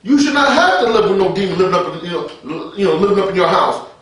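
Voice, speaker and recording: High-voiced man preaching in an echoey room. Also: expressive, fast, fairly bright tone, recorded from a distance. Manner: colloquial, street-talking, chuckling, frequent restarts. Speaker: preacher and radio host. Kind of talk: informal online radio sermon. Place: his office. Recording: very echoey room, speaker off-mic.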